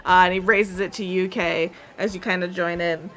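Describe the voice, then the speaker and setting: A woman's voice: lowish voice, fairly even intonation, moderate pace, fairly bright tone. A woman narrating as game master in a loose, chatty way with many fillers. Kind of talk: tabletop narration.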